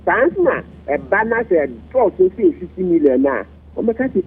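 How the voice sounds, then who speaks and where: A husky, raspy Ghanaian man arguing a point on a radio talk show, his voice leaping high and low with lively emphasis. The sound is thin and dull, like an old broadcast feed. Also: normal speed. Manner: animated, swinging pitch, mixing languages. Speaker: political commentator. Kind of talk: animated radio discussion.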